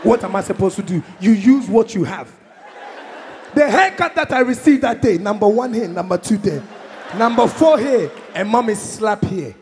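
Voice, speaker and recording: A young man from Congo doing a stand-up comedy set, energetic, shouting punchlines and acting out his parents. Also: high voice, normal speed, a little hiss or hum. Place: comedy concert stage. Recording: live show in a hall with long reverb.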